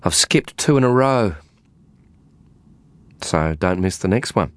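A man's voice: deep voice, lively intonation, takes it slowly, dry recording, voice pushed up. A man voicing a restless, needy thirty-year-old woman in an audiobook, pleading and agitated.

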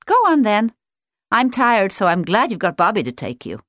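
A woman's voice: medium pitch, very animated, moderate pace, a bit bright, no room sound, voice pushed up. A woman doing a tired but kindly mother otter, knowing and indulgent, in a lilting storybook voice. The sound is close and dry.

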